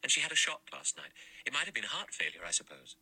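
A man lifts his pitch into an earnest young woman, soft and low-voiced, with a husky, bright tone. A storybook reading. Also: big pitch swings, fast talker, full character voice, rough recording.

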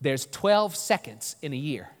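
A man voicing Boudreaux, a simple, good-natured man who answers in a slow, low, mumbling way. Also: very animated, in a large hall. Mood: naive.

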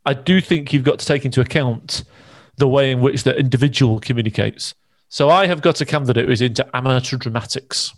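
A man co-hosting a casual business podcast, agreeable and quick to chime in. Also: mid-range voice, no echo. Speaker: podcast co-host.

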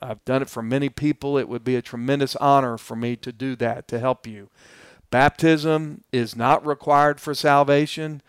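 Male pastor, Bible teacher type: smooth, clear voice, direct and earnest, dry close sound. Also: medium pitch, steady tone, normal speed, dry recording. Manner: earnest, addresses listeners directly; plainspoken and explanatory.

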